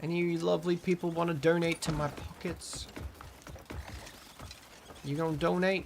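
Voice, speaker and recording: A man's voice: a little high, flat delivery, normal speed, creaky, noisy background. A man from Australia with an Australian accent, casually chatting and swearing while streaming a game and reading out chat.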